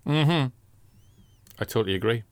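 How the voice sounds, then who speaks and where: A man's voice: mid-range voice, lively intonation, normal speed. A man co-hosting a podcast, chatting in an enthusiastic, sweary way. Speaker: podcast co-host. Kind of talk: casual chat.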